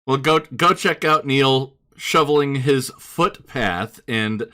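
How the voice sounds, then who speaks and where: Slow-talking bright American host. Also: male voice, mid-range voice. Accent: Northern American. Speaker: podcast host. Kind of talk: casual chat.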